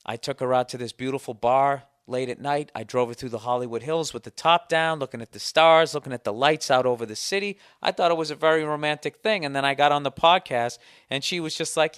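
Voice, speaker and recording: A man's voice: mid-range voice, brisk, hardly any pauses, fairly bright tone, clean tone, no room sound, clean studio sound. A man hosting a podcast, telling a profane comedic story with mocking voices. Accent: Boston. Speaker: podcast host. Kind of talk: comedic monologue. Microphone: studio podcast mic.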